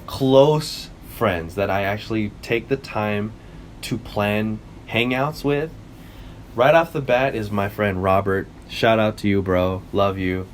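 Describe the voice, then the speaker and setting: Rambling young man with a low voice. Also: takes it slowly, slight background noise. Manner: loose, rambling storytelling with swearing and self-corrections. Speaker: podcast co-host. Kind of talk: casual chat.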